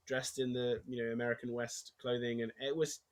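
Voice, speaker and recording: An English man speaks casually as a guest in an interview. His voice sits at an ordinary middle pitch. He tells stories with energy and often acts out what people said. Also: fairly quick. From England. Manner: animated storytelling, acts out quotes, laughs easily. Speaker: actor guest.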